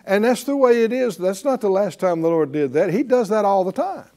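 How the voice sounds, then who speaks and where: A man's voice: sits high, expressive, a little fast, mellow. A man preaching a sermon as pastor, drawing responses from the congregation with rhetorical questions and repeated key phrases.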